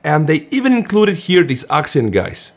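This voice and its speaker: A man's voice: fairly high pitch, wildly swooping pitch, moderate pace, creaky. Eager man reviewing a phone. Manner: enthusiastic, often says "guys". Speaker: tech reviewer. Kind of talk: casual unboxing review.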